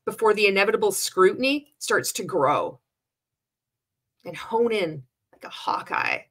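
A woman's voice: medium pitch, big pitch swings, unhurried, fairly bright tone. Blunt, sarcastic woman. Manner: sarcastic, blunt, swears often, laughs between remarks. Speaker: commentator reacting to a sales pitch. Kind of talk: casual commentary.

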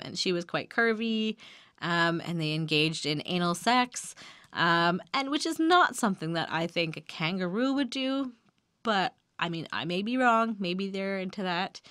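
A woman's voice: mid-range voice, lively intonation, measured pace, a bit bright, smooth, dry recording, clean studio sound. A woman hosting a lyrics breakdown, talking casually with frequent giggles and filler ums. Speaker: host breaking down song lyrics. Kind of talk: casual commentary.

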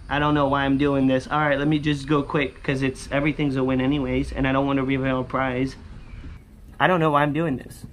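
A young man chatting through a scratch-off lottery vlog, repeating catchphrases and breaking into high excited yells. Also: a little fast, a little hiss or hum. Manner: bursts into high shouts and sing-song yells when winning; chatty, repeats catchphrases like "holy smokes" and "booyah". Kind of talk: casual excited vlog commentary.

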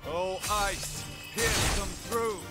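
Dude doing a high swoopy wizard guy yelling ice spells real slow. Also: steady tone, over loud music. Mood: grandiose. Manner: theatrical, drawn-out battle cries.

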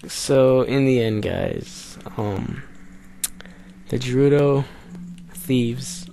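Gravelly man swearing through gameplay commentary. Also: medium pitch, very slow, long pauses, slight background noise. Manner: profane, exasperated, swings between loud outbursts and mutters. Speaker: let's play host.

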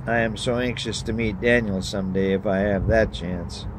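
A man's voice: fairly low pitch, fairly even intonation, normal speed, background noise. A male pastor giving a sermon and reading a story, earnest and emphatic.

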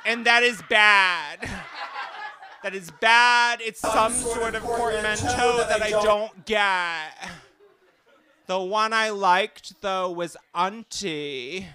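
A comedian performing a live stand-up set in a small cafe, camp and self-deprecating, with jokey asides. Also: male voice, sits high, slow pace, a crowd in the background.

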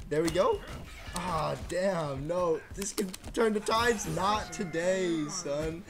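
A man's voice: high-pitched, a little slow. A man commentating his own fighting-game match as he plays, exclaiming, chuckling and trash-talking his opponent. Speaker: gaming channel host. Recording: game music clearly behind voice. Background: game music.

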